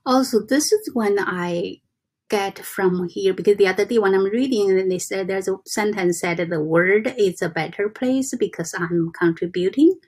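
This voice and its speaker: A woman giving a casual motivational talk to her viewers, soft and halting, with frequent restarts and slow deliberate reading aloud. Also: medium pitch. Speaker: self-help vlogger.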